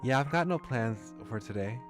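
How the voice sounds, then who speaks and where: A man's voice: mid-range voice, lively intonation, moderate pace, music in the background. A man streaming a visual novel, reading it aloud with chuckling, musing asides. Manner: chuckling, musing asides between read lines.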